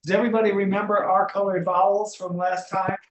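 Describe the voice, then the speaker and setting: A man's voice: high-pitched, flat delivery, fast, reverberant. A man teaching an English class, playful and teasing with his students.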